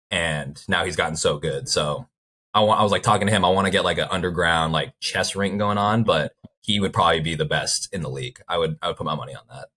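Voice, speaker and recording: A man's voice: low voice, sharp tone. A young man, a baseball player, chatting casually in an interview and telling rambling stories full of "like" fillers. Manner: rambling storyteller, frequent "like" fillers.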